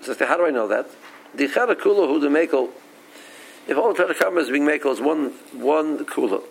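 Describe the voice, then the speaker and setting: A man's voice: a little high, lively intonation, a little fast, gravelly, slight background noise, poor audio. A man giving a Talmud study lecture, reasoning aloud and mixing English with Aramaic and Hebrew terms, often repeating himself as he restarts sentences. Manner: frequent restarts and repeated words. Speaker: Talmud teacher.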